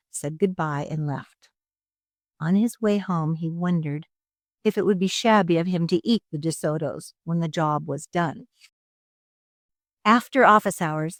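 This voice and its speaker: A woman reading a children's storybook aloud in an expressive, dramatic narrating style. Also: fairly low pitch, no room sound, clean studio sound.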